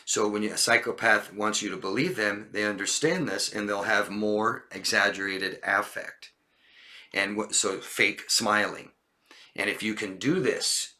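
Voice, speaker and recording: A man with a lowish, pushed and bright voice coaches on body language in a casual talk to camera. To demonstrate, he acts out short lines from liars in a raised voice.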